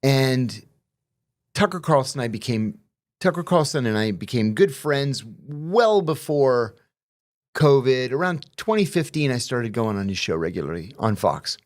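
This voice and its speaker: A man, a former intelligence officer appearing as a guest, telling anecdotes in a measured, explanatory way. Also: medium pitch, big pitch swings. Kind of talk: conversational interview anecdotes.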